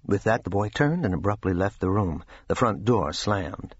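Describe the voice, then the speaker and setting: Man narrating an audiobook, measured delivery, dry booth sound, a bit dull. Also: fairly low pitch, lively intonation, breathy edge, no room sound. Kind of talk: scripted narration. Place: recording studio.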